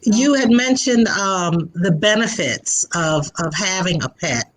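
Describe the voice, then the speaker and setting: A woman's voice: mid-range voice, animated, takes it slowly, low-quality recording. A woman hosting an interview, asking questions with hesitant fillers.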